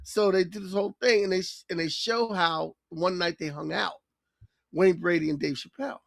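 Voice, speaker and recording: A woman co-hosting a casual podcast chat, retelling a sketch with animated storytelling. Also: on the low side, normal speed, vocal fry, no echo, clean studio sound. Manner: animated storytelling, acts out quoted lines. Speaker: co-host.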